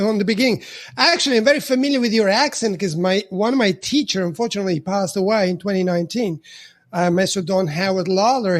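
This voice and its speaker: A man in his fifties with an Italian accent, a podcast guest talking in a halting way, with many restarts and fillers. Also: high-pitched. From Italy. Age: 50s. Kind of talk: casual interview conversation.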